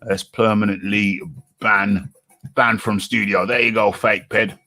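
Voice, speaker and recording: A man's voice: lowish voice, flat delivery, sharp tone, no room sound. A man hosting a live boxing talk show, chatty and teasing. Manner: chatty, teasing, quick asides. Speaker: host.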